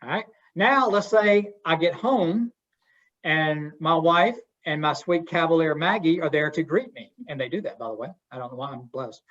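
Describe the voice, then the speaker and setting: A man's voice: a little high, normal speed, a bit bright. A middle-aged man giving an interactive communication workshop in a folksy way, asking his audience questions. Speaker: webinar presenter. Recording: dull lo-fi webinar audio.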